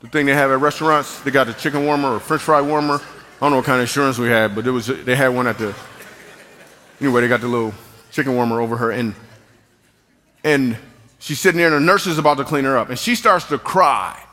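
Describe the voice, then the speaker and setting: A man's voice: medium pitch, fast talker, sharp tone. A man giving a playful, jokey talk to a live church audience, teasing the band between stories. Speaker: church speaker and comedian. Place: large church auditorium. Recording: long hall reverb.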